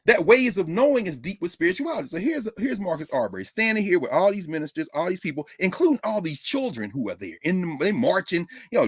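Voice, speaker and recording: Animated husky man lecturing. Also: sits high, fast, few pauses, dry recording, clean studio sound. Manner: animated storyteller, preacher-like rhythm, laughs often. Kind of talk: lively informal lecture.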